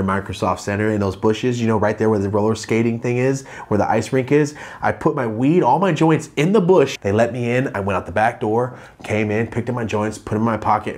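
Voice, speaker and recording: A man telling a story on his vlog in a casual, profane and animated way, jumping in pitch when he acts out what people said. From Los Angeles, living there now.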